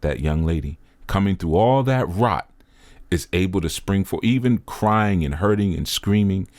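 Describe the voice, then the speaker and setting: A man with a very low, deep voice gives an earnest commentary in the manner of a preacher, driving his points home by saying them again. He sounds close and dry, with no room around him. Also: darkish tone, no echo. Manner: earnest, preacher-like, repeats phrases for emphasis. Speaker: spiritual teacher commenting on a video. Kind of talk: reflective commentary monologue.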